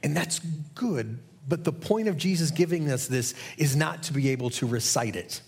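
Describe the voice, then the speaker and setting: Casting: middle-aged male pastor, slightly husky voice, earnest conversational sermon delivery. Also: a little high, moderate pace. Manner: earnest, conversational preaching with rhetorical questions.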